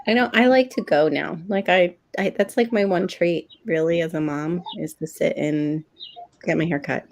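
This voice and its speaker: Chatty gravelly woman. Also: on the low side, normal speed. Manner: chatty, laughs often, rambling asides. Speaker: livestream co-host. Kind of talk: casual chat.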